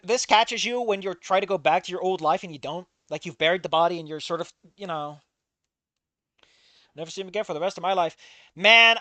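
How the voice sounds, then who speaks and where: A man's voice: sits high, bright, forceful tone, no room sound. A man giving casual, sarcastic read-along commentary on a fan fiction, exasperated and swearing often.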